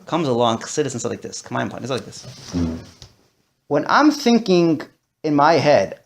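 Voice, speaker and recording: A man's voice: on the high side, sing-song, normal speed, gravelly, pauses often. A man teaching a discussion-style class, talking animatedly and mixing in Yiddish and Hebrew terms. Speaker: Torah teacher.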